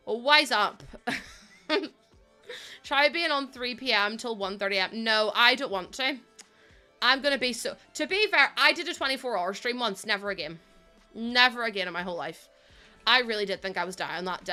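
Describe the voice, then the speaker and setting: A woman's voice: on the high side, pushed and bright. A young British woman streaming live from home, chatting casually with viewers, laughing often and swinging between playful squeals and mock grumbling. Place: home room.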